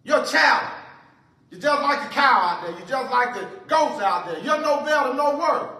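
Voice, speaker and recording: A man's voice: very high voice, expressive, normal speed, sharp tone, exaggerated voice. Man doing a scornful, taunting Pharaoh. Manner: taunting, rhetorical questions. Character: scornful Pharaoh mocking his slaves. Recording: echoey room, voice from far off.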